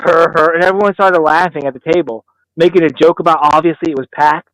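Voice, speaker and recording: A man in his thirties, a podcast host, telling profane, animated stories in casual chat and acting out the quotes. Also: a little high, normal speed, dry recording, rough recording.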